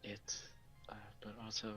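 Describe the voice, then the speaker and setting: A man playing in a tabletop role-play, speaking softly and hesitantly with many pauses. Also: soft background music. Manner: soft, hesitant, full of ums. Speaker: player.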